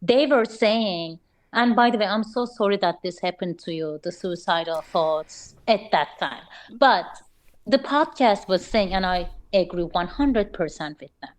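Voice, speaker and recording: Brief: woman, mid-pitched, earnest and encouraging interview guest. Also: measured pace. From Turkey. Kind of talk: casual interview chat.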